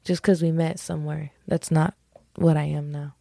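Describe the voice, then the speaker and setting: A woman's voice: low-pitched, level tone, moderate pace, creaky, mellow, no room sound, studio quality. A young woman hosting a solo podcast in a casual, rambling way, often correcting herself and laughing things off as jokes. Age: young adult. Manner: rambling, giggly, self-correcting, lots of "like" and "just kidding". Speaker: podcast host.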